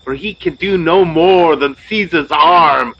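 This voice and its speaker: A man playing a noble, brooding Roman conspirator in an audio drama, speaking slowly and deliberately. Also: mid-range voice, slight background noise, lightly acted. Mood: grave. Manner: slow, deliberate. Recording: dull lo-fi sound.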